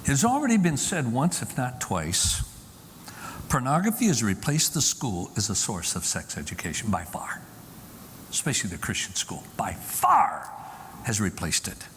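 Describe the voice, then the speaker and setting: A man's voice: mid-range voice, very animated, normal speed, a bit bright, in a large hall, a little hiss or hum. A man giving an emphatic public talk from a stage to a live audience, often repeating key lines for effect. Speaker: Christian speaker.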